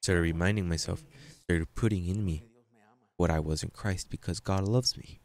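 A man preaching a sermon as pastor, emphatic and repetitive, with halting restarts and sudden jumps in pitch. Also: fairly even intonation, darkish tone.

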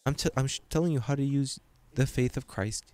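A man preaching a sermon as pastor, emphatic and repetitive, with halting restarts and sudden jumps in pitch. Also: a little mellow.

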